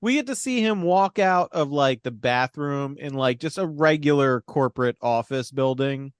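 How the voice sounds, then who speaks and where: A man's voice: medium pitch, lively intonation, normal speed, clean tone, no echo, studio quality. A man co-hosting a podcast, wryly recapping a movie in casual, profane chat full of fillers. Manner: wry, profane storytelling with many fillers. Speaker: podcast co-host.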